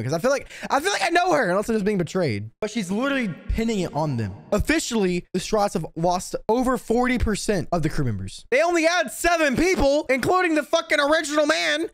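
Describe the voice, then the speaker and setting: A young man reacting to an anime, excitable and profane, with lots of slang. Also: high-pitched, dry recording, clean studio sound. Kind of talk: casual reaction commentary.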